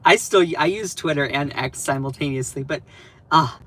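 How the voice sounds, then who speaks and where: A man hosting a political commentary live stream, animated and sarcastic, laughing often as he talks. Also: a little high, moderate pace, slight background noise, poor audio.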